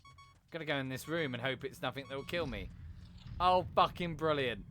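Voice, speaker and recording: A man chatting casually while he plays on a live stream, swearing freely and cracking quick jokes. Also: mid-range voice, fairly bright tone, soft background music.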